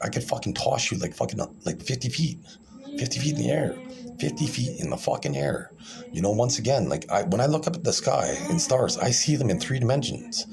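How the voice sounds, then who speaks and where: This video creator has a gravelly, mid-range voice with a darkish tone. Talking directly to camera, he rambles in a boastful, profane and combative way, often repeating himself and restarting what he says.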